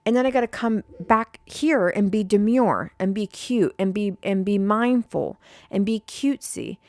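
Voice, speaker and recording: A woman's voice: mid-range voice, unhurried, darkish tone, dry recording, clean studio sound. A young woman hosting a casual podcast, rambling and swearing freely as she vents to her listeners. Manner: rambling, profane, fired-up. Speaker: podcast host.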